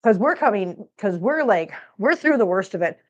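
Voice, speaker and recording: A chatty woman from Missouri talks casually into a laptop microphone at home. She rambles between topics and slips into soft baby talk for her cats. The audio is slightly dull. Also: medium pitch, expressive, moderate pace. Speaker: cat channel host. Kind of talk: casual livestream chat.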